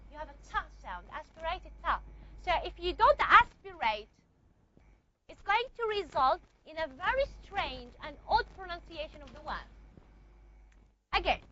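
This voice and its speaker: A woman's voice: very high-pitched, highs cut off, very noisy. A woman teacher giving a classroom lecture, explaining step by step and often checking with the class.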